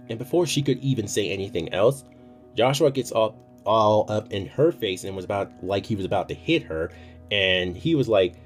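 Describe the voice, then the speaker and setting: A man's voice: mid-range voice, sing-song, normal speed. A man telling a personal story in a casual, chatty way, swearing freely. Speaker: storytime youtuber. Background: faint music.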